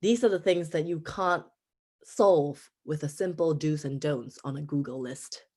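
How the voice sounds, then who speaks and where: A woman in her thirties from Singapore with a Singaporean accent, an English teacher giving a conference talk in an animated storytelling manner. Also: a little slow. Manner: animated storytelling with pitch jumps.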